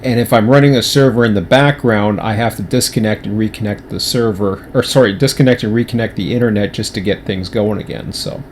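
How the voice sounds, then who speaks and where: Rambling low-voiced man, humming room. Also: a little fast, few pauses, a little hiss or hum. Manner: rambling, many restarts and fillers. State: talking with mouth full. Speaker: streamer. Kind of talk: casual livestream chat.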